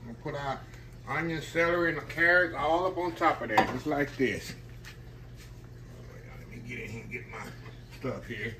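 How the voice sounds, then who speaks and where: In a home kitchen, a man hosts a casual cooking demonstration, chatty and folksy, addressing viewers as y'all. His medium-pitched voice moves at a moderate pace, and the recording is very noisy.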